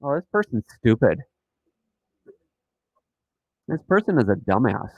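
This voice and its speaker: Animated mocking man, dry sound. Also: medium pitch, fast, breathy edge, no echo, highs cut off. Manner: animated, mocking, repeats himself. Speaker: host of a dashcam channel live stream. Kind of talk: casual live-stream chat.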